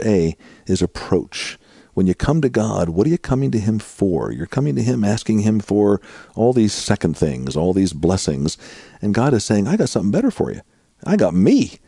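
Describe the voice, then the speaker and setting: A middle-aged man, appearing as a guest author, earnestly explains prayer during a conversational interview, growing animated whenever he acts out prayers. His voice sits on the low side with some vocal fry, and there's no echo.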